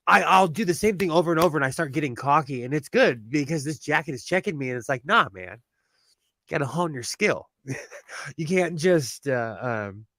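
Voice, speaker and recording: Chatting loosely on his sewing livestream, a California man with a regional accent and youthful-sounding voice, a little high and fairly bright, laughs often and backs up to restart sentences. No room sound is audible.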